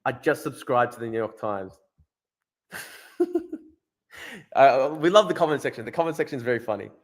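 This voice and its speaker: Blunt, swearing young male streamer. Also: medium pitch. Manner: blunt, swearing, quick asides; repeats phrases, restarts. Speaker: livestream host. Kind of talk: casual livestream commentary reading chat.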